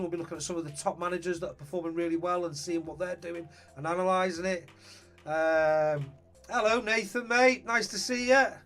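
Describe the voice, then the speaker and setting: A man's voice: high-pitched, a bit bright. A man chatting casually on a live stream, greeting viewers and thinking aloud about his team.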